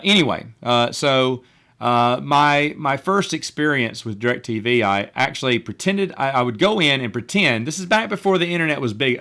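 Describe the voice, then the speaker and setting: A man's voice: mid-range voice, fairly bright tone. A man telling a long personal story late at night, rambling and restarting his sentences. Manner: rambling, restarts often, says he is tired. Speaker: podcast host. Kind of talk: casual storytelling monologue.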